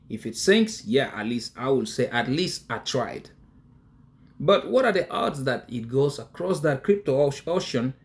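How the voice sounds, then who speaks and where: A man talking casually to his viewers, emphatic and chatty, often breaking into laughter. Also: mid-range voice. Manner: emphatic, addresses viewers directly. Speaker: crypto investing vlogger. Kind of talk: casual talk to camera.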